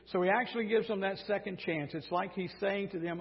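A male preacher with a high voice retells a story from the pulpit in a lively way, adding sarcastic asides. The sound is dull and carries a long reverb from a large hall. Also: fairly quick, few pauses. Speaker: pastor. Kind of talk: sermon.

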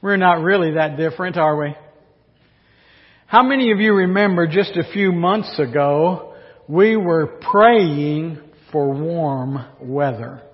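A man preaching a sermon in a high, unhurried voice, talking to his congregation as if in conversation and throwing rhetorical questions at them. His words ring with a long reverb through a large church hall. The recording sounds a little dull. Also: a little hiss or hum. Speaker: pastor.

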